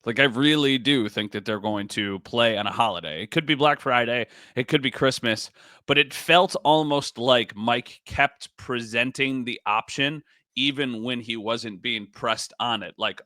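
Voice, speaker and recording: A man's voice: mid-range voice, normal speed, sharp tone, no echo, clean studio sound. A young man, co-hosting a casual sports podcast in a loose, conversational way. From Western New York. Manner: conversational, frequent "like" fillers. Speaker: podcast co-host.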